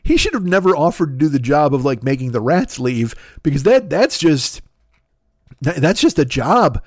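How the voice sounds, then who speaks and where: A man's voice: a little high, big pitch swings, normal speed, dry recording, studio quality. A man on a comedy podcast, riffing in a rambling, profane monologue, laughing at his own jokes and acting out voices.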